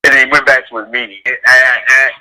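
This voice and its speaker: Male radio guest, dog trainer; bright, cutting tone; casual, rambling, animated storyteller. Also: very fast, rough recording. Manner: animated storyteller, heavy use of "like", acts out quotes in a higher voice.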